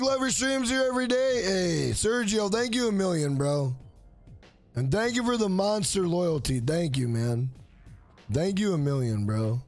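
A man with a rather high voice, talking loosely to his chat during a gaming live stream. He thanks viewers one by one and keeps tagging "bro" onto his lines. Faint game music plays underneath. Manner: talks straight to chat, repeats "bro" often.

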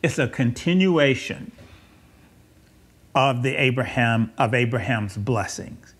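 A male preacher with a husky, slightly breathy voice, delivering a loose, conversational sermon. He talks at a middle pitch, often restarts his sentences and wanders into asides, dropping the odd soft chuckle. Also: expressive, takes it slowly. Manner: rambling, self-correcting, with asides and soft chuckles.

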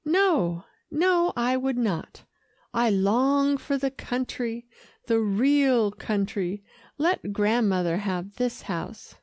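A woman's voice: expressive, slow, no echo. A woman voicing an eager young society wife. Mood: eager, pleading. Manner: pleading, high-pitched eager lines. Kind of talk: audiobook reading.

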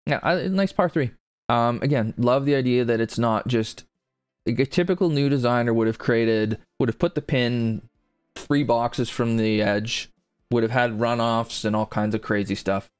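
Raised by English parents somewhere other than Britain, a man comments chattily while streaming a golf video game, poking fun at himself and rambling between shots. His mid-range voice is smooth and moderately paced, with no echo.

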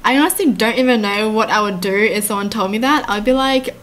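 A woman's voice: medium pitch, fairly quick, fairly bright tone. A woman YouTuber reacting in casual chat to a story told in texts, giggly and chatty. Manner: giggly and chatty, often laughing at herself.

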